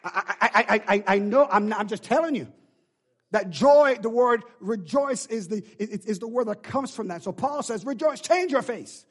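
A man preaching a sermon, calling on the congregation to answer him and building from quiet talk to loud shouting. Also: sits high, normal speed.

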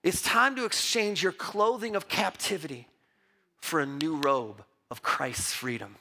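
A man preaching a sermon as pastor, emphatic and lively, mixing Bible reading with personal stories told with restarts. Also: on the high side, a little slow. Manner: repeats words and restarts when telling stories.

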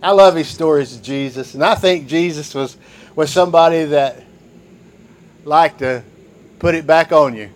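A man's voice: fairly high pitch, normal speed, pauses often. A man preaching a sermon, reading scripture and repeating key phrases for emphasis. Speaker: pastor.

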